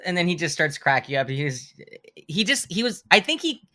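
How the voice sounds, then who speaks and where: Man, thirties, podcast guest, bright voice, animated storyteller, stammering restarts. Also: fairly high pitch, moderate pace. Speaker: podcast guest, horror filmmaker. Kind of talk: casual podcast conversation, storytelling.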